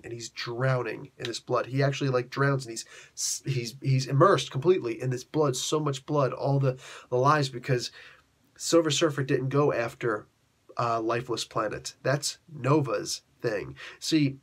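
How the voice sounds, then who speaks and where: A man's voice: mid-range voice, moderate pace, slightly rough. A man hosting a comic book show, casually retelling a story in laid-back slang and acting out the characters' lines. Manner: animated, acts out characters' lines. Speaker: comic book channel host.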